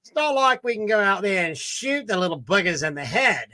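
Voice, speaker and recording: A man's voice: sits high, big pitch swings, fairly quick, bright, forceful tone, full character voice. A man voicing a rowdy Australian bloke with a put-on Australian accent, rambling crudely about beef and kangaroos. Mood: jokey bragging. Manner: rambling, crude, stumbling over words. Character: man putting on a rowdy Aussie bloke talking to a waiter.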